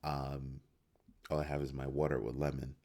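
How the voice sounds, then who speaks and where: A man's voice: very deep voice, completely flat delivery, moderate pace, mellow. A man hosting a crypto news show in casual solo commentary, firing rhetorical questions and restarting his phrases. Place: home studio at a computer.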